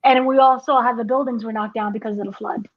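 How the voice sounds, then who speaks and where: High-pitched woman chatting, lo-fi sound. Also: fairly even intonation, fast. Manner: conversational, acts out quotes from the show. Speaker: entertainment editor, co-host. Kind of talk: casual review chat. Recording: dull lo-fi audio.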